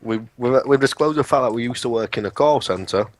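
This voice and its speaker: Speaking at a medium pitch and a fairly quick pace, this eighteen-year-old co-host chats casually on a podcast. He's a young man who curses and cracks jokes as he vents about working in a call centre.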